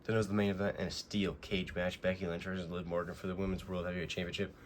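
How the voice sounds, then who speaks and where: Deep, flat-voiced man recapping. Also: quick pace, slight background noise. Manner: rambling, many fillers and restarts. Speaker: wrestling recap host. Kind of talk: casual spoken recap.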